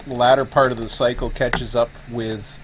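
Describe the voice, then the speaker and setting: A man's voice: mid-range voice, little pitch movement, moderate pace, a little hiss or hum, rough recording. A man hosting a live stream who explains a setup casually, thinking aloud with plenty of fillers. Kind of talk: casual screen-share explanation.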